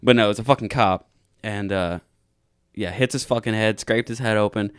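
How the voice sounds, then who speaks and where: A man's voice: fairly low pitch, moderate pace, clean tone, no room sound, clean studio sound. A young man co-hosting a podcast, telling a long drunken night-out story in a casual, profane way and acting out the quotes. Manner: profane, animated retelling with acted-out quotes. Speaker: podcast co-host.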